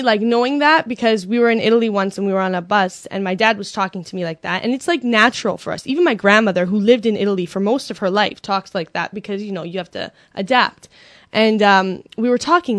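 A woman's voice: medium pitch, fast, no echo, studio quality. A woman from Canada telling a personal story in a chatty way, laughing often and using lots of fillers.

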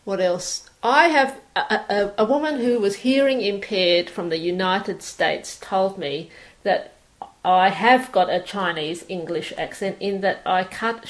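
Slow, relaxed Australian woman. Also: medium pitch, rough recording. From Sydney, Australia. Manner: relaxed, hesitant with fillers and restarts. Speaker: performer reading a passage and talking about herself. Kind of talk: reading aloud, then casual personal talk.

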